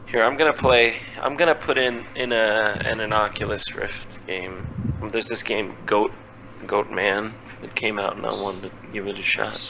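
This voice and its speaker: A man's voice: lowish voice, steady tone, moderate pace, gravelly, background noise. A man chatting over a headset call, complaining in an exasperated way and swearing. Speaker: guest on stream. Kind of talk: casual voice chat.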